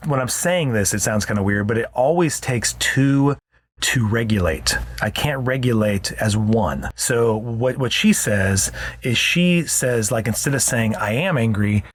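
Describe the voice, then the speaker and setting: A man's voice: mid-range voice, lively intonation, a little slow, no room sound. A man co-hosting a parenting podcast as a counselor, explaining earnestly in casual chat and often restarting his sentences.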